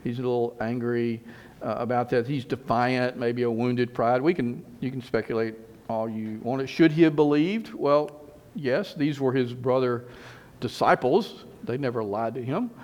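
A man's voice: mid-range voice, a little mellow. A middle-aged man preaching a sermon in a conversational way, repeating phrases and rising for emphasis.

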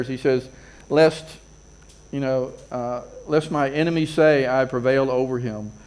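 A man's voice: mid-range voice, darkish tone. A man preaching a sermon as a pastor, earnest, repeating phrases and building emphasis.

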